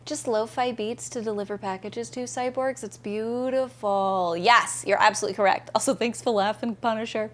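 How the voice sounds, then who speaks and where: A woman's voice: on the high side, steady tone, moderate pace, few pauses. A woman from the American Southeast, chatting casually and enthusiastically with viewers while streaming a game. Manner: chatty, bubbly, reads chat messages aloud and answers viewers. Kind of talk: casual live-stream chat while gaming.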